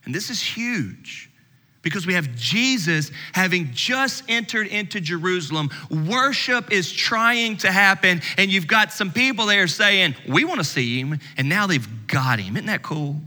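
Middle-aged male pastor, bright and forceful, lively conversational preaching, echoing church hall. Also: sits high, a little slow. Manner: conversational preaching, swings from animated to hushed. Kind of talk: sermon. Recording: long reverb of a church hall.

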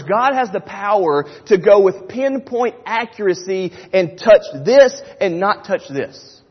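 A middle-aged man preaching a sermon in a church, emphatic and repetitive, acting out the people he quotes. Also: very high-pitched. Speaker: pastor. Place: church sanctuary. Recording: dull sound with long hall reverb.

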